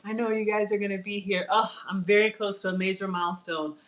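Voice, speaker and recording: A woman's voice: medium pitch, fast talker, slight background noise. Middle-aged woman, casual live cooking host, bubbly and chatty. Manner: chatty, excitable, talks while eating.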